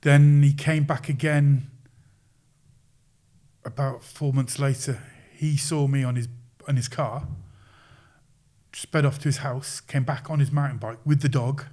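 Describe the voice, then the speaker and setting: Man, podcast guest, animated storyteller, mid-pitched voice. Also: a little slow, long pauses. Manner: animated, with quoted voices and laughs. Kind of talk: casual storytelling.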